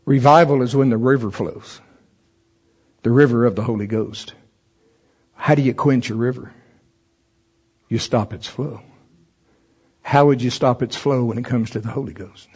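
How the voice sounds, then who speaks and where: A man preaching a sermon through a humorous personal story. He chuckles often and jumps into loud, high-pitched voices when he acts out his own thoughts. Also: normal speed, pauses often, husky. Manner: chuckles often while telling stories.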